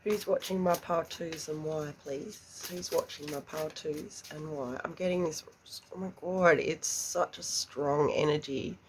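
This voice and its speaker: A woman giving a slow, hushed tarot reading, emotional and often close to a whisper. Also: deep voice, slight background noise. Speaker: tarot reader.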